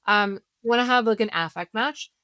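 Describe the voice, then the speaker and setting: A woman's voice: fairly high pitch, a little fast, sharp tone, no room sound. Woman parenting expert on a podcast, explains by walking through scenarios, keeps saying right?, dry close mic. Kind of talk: podcast interview.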